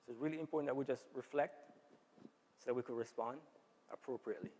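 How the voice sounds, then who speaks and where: A man's voice: mid-range voice, quick pace, a little mellow, a little hiss or hum. Man giving a health talk in a reverberant hall. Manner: conversational, often asks the audience "right?". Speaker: health seminar speaker. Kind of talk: informal health talk to a church audience. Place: church hall.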